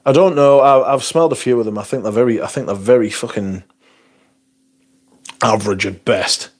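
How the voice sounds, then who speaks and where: A man's voice: mid-range voice, moderate pace. A man hosting a casual livestream, swearing freely as he rants and answers viewer questions. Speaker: livestream host.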